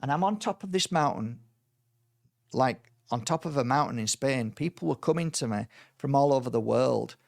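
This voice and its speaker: A man, a spiritual teacher, telling a personal story in a casual way and acting out the quoted dialogue with lively energy. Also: mid-range voice, normal speed, gravelly, dry recording, clean studio sound. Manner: animated, acts out quoted dialogue.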